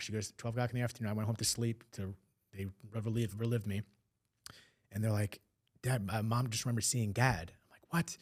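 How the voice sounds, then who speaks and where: A man telling a personal story on a podcast, emotional, slipping into quoted voices. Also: medium pitch. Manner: fast, emotional retelling with acted quotes. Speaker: podcast guest.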